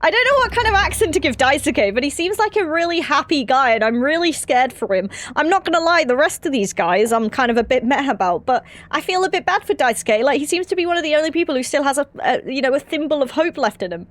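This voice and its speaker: A woman streaming a horror game, commenting excitedly, swearing casually and reading the game's dialogue aloud in character. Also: high voice, quick pace, hardly any pauses. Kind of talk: let's play commentary.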